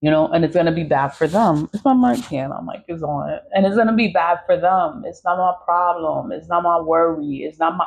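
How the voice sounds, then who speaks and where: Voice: mid-range voice, lo-fi sound. A content creator in a casual vlog monologue, talking bluntly and emphatically, with frequent swearing.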